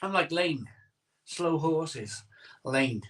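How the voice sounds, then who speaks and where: A man's voice: a little high, expressive, very slow, fairly bright tone. A middle-aged man hosting a live stream, chatting casually, joking and chuckling as he reads out viewer comments. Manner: jokey, chuckles often, storytelling banter. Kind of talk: casual chat.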